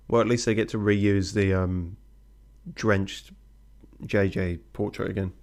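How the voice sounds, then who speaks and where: A man's voice: lowish voice, level tone, a little slow, a little mellow. A man streaming a game, making dry, muttered asides. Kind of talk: casual game commentary.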